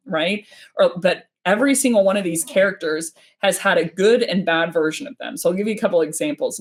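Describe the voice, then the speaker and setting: A woman talking as a guest on a casual livestream, rambling quickly and often restarting her sentences. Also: lowish voice. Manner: fast, rambling, with many restarts. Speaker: guest speaker.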